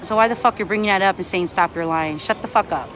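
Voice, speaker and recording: A man's voice: high-pitched, fast talker. A man livestreaming from a street protest, angry and profane, answering chat comments. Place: outdoors on a city street. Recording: faint street and traffic noise.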